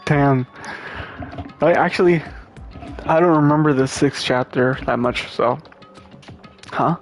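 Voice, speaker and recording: A man's voice: on the high side, takes it slowly, pauses often, soft background music. A young man playing a game, reading the dialogue aloud and reacting with crude swearing. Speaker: let's play gamer.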